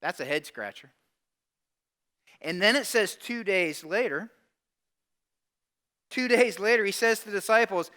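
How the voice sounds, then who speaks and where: A man delivers a sermon in a relaxed, conversational storytelling manner. His voice sits high and sounds bright and forceful, and he swings from loud exclamations to quiet, hushed asides. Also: measured pace, long pauses. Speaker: pastor.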